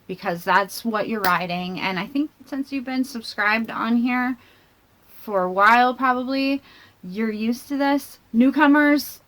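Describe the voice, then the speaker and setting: A woman vlogger talking to her laptop camera in a rambling, self-mocking way, thinking out loud and jumping between tangents. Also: on the high side, measured pace. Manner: chatty and self-mocking, laughs between phrases. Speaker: vlogger and channel host. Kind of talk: casual talking-to-camera commentary.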